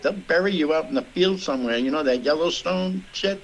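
A man's voice: a little high, brisk, few pauses, rough recording. A middle-aged man, a comedian guest from the Boston area, telling rambling, profane stories in casual podcast chat.

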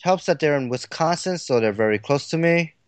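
一位男性播客联合主持人，随意闲聊，说话啰嗦，常带填充词，笑声不断。. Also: male voice, fairly high pitch, lively intonation, fairly quick, clean tone, dry recording. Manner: rambling, filler-heavy, laughs easily. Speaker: podcast co-host. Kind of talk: casual chat.

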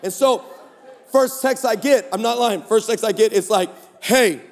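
A man preaching at a conference, telling a comic story with animated delivery and playful voices for the people in it. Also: high voice, normal speed, creaky, long reverb tail. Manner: animated, acts out texts in funny voices. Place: large conference hall.

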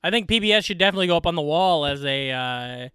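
A man co-hosting a comedy podcast, chatting casually, joking quickly and laughing often. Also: fairly high pitch, animated, pushed and bright, clean tone, no room sound, clean studio sound. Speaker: podcast co-host.

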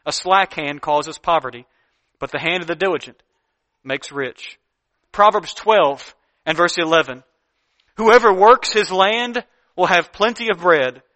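A man with a high, ringing voice delivers a sermon. He reads scripture slowly and deliberately, then explains it in plain, earnest words. He drives home his points with emphatic repeated lists. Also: pushed and bright. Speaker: preacher. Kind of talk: sermon teaching from Proverbs.

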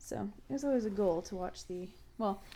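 A woman's voice: mid-range voice, fairly quick, mellow. A woman, from Ontario, co-hosting a casual podcast. She switches between reading notes and chatting, laughs often, and fills her speech with "like" and self-corrections. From Ontario, Canada. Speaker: podcast co-host.

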